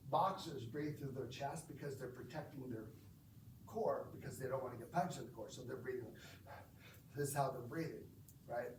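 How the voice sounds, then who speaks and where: A man's voice: medium pitch, moderate pace, distant mic, noisy background. Man teaching breathwork in an echoey room. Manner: explanatory, asks the group questions. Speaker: breathwork instructor. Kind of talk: instructing a group. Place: gym or team room.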